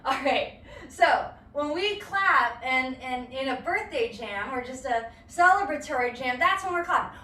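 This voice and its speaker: High-voiced woman counting dance steps. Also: moderate pace, hardly any pauses, bright, forceful tone, recorded from a distance, a little hiss or hum. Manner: counts beats aloud, playful and encouraging. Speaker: dance instructor. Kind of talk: live-streamed dance lesson. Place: home or studio room. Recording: echoey room, voice from afar.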